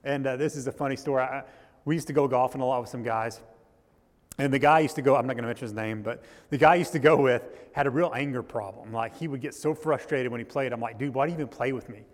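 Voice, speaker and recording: A man preaching a sermon as pastor, telling a story in a loose, halting way with frequent restarts. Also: mid-range voice, big-room sound. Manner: storytelling with restarts and rising intensity. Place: church.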